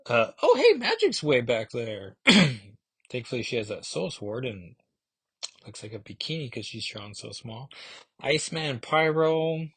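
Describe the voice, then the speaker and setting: A man's voice: medium pitch, huge pitch swings, measured pace, fairly bright tone, husky, no echo. A man hosting a podcast who reviews a comic book casually, rambling and correcting himself as he thinks aloud. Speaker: podcast host.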